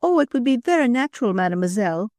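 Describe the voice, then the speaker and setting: A woman doing a coquettish young wife, high and pleading. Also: expressive, moderate pace, no echo, studio quality. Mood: gushing. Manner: breathless, imploring, theatrical. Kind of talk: audiobook character voice.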